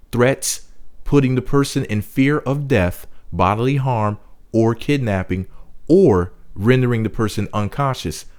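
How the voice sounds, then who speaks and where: A man's voice: mid-range voice, darkish tone. A man reading a news story aloud and breaking in with blunt, sarcastic, profane commentary. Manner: sarcastic, blunt and profane, jumping from wisecracks into heated ranting. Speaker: video commentator.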